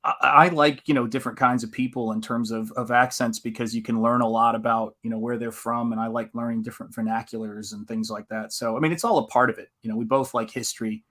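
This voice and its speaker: A man's voice: mid-range voice, steady tone, fast, few pauses, a bit bright. Rambling, chatty American man. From American South. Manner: chatty, rambling, laughs often. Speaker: host of a live painting stream. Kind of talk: casual chat while reading stream chat.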